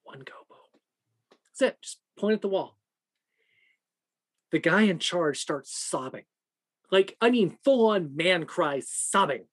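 A podcast co-host telling a work story in casual, profane, animated talk. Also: mid-range voice, slow pace, pauses often.

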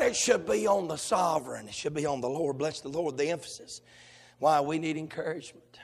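Shouting, sing-song preacher. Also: male voice, animated, a little fast, gravelly, husky. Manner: swings from shouted, sung preaching to low conversational talk. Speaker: pastor. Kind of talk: sermon. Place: church sanctuary. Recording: long hall reverb.

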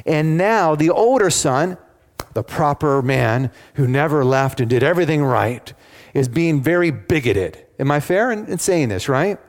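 With a voice on the high side, this preacher is expressive yet measured, questioning the congregation and retelling stories emphatically. His sermon echoes with long hall reverb.

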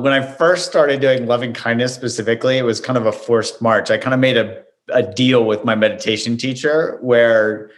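A man, a doctor and author, telling relaxed self-deprecating anecdotes as an interview guest. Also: medium pitch. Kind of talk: conversational storytelling.

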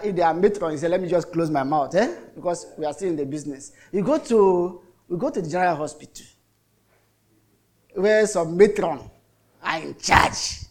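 A middle-aged Nigerian man preaching a sermon as a pastor, telling stories in a chatty way with lots of repetition. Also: high voice. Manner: chatty storytelling with repetitions and mock voices.

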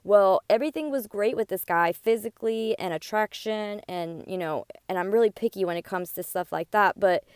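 A woman's voice: mid-range voice, moderate pace, hardly any pauses, darkish tone, clean tone, no echo, clean studio sound. A woman hosting her own podcast, talking in a chatty, upbeat way full of "like" and "you know.". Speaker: podcast host. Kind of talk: casual podcast monologue.

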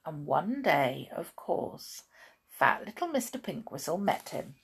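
A woman reading a children's story aloud, slow and expressive with hushed moments. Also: low-pitched, creaky, breathy edge.

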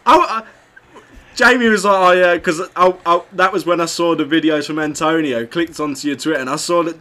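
A man's voice: a little high, a little fast, sharp tone. A man hosting a podcast, chatting casually and eagerly jumping in with questions. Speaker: podcast host. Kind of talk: casual chat.

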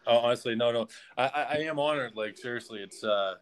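Guy guesting on a podcast, rambly, says like a lot, keeps restarting, mid-pitched voice. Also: quick pace, smooth. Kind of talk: casual conversational storytelling.

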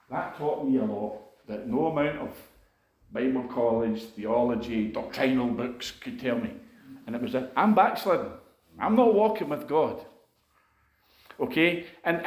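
A man's voice: medium pitch, expressive, unhurried. A man preaching a sermon, telling a personal story in an earnest, conversational way full of asides. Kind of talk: sermon testimony. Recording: echoey room.

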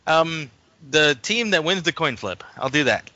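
A man's voice: a little high, sing-song, measured pace, sharp tone, no echo, highs cut off. A man co-hosting a casual podcast chat, joking and laughing often. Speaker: podcast co-host.

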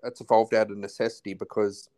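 An Australian man in his forties talks casually as a podcast guest. His voice sits low, and he circles his points with restarts and trailing half-phrases. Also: level tone, fast talker, a crowd in the background. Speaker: podcast guest, husband of host. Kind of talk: casual chat.

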